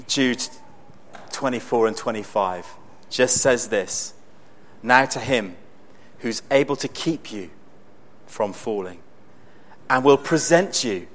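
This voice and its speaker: A man preaching a sermon in a conversational, storytelling way with bursts of excitement. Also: mid-range voice.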